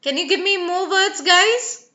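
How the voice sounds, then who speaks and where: High slow-spoken woman teaching pronunciation. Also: bright, forceful tone, muffled recording. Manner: clearly enunciating model words; coaxing and praising students by name. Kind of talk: live online class instruction. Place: online live class.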